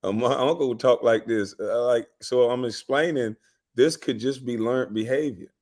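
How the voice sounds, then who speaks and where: A man hosting a casual chat, telling stories in a relaxed way. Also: medium pitch, normal speed. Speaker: host.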